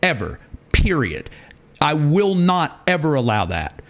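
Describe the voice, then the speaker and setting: Animated, ranting male streamer. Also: on the high side, measured pace. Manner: animated, ranting, emphatic repetition. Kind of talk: live-stream chat.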